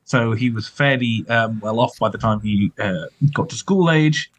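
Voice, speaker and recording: A man's voice: medium pitch, moderate pace, low-quality recording. A man chatting casually about film history as a podcast co-host, rambling with lots of fillers and hedges.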